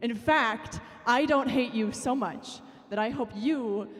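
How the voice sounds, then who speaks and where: A woman performs spoken-word poetry at an open mic in a somewhat high voice. Her delivery is dry and sarcastic. A long hall reverb trails after her words. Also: slow.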